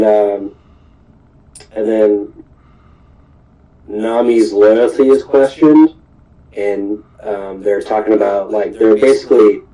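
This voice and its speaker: A man's voice: fairly low pitch, warm tone, poor audio. A man casually recapping a cartoon episode, rambling with many fillers and restarts. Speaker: podcast host.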